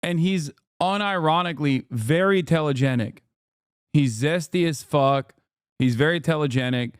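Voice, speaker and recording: A man's voice: on the high side, normal speed, smooth, dry recording, clean studio sound. A man in his thirties giving sarcastic, incredulous commentary on a live stream while reacting to a news report.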